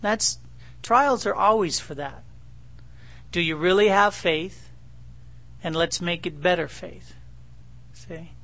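A man's voice: high-pitched, slow pace, pauses often, bright, forceful tone. A middle-aged man preaching a sermon in a conversational, joking way, acting out his own dialogue with God. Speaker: pastor.

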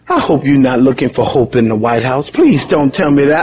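A man delivers a sermon in a relaxed, conversational way, and his somewhat high voice leaps up sharply on the key points. He slips in quick chuckles and asides. A faint hum of room ambience sits under the recording. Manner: animated, conversational preaching with sudden high emphatic bursts and chuckles. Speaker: pastor.

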